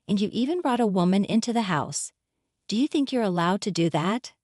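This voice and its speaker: A blustering, scheming husband, as a woman narrator reads his lines in her own unchanged voice. Her tone sits at an ordinary middle pitch, and the recording is dry and close, with no room sound. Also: expressive, a little fast, a little mellow, no room sound, close to an everyday voice. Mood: indignant.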